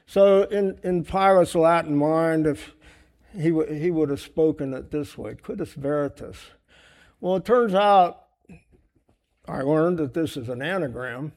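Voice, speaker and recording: A man's voice: fairly high pitch, measured pace, darkish tone. Earnest male preacher asking rhetorical questions. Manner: writes on a board while teaching. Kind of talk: sermon.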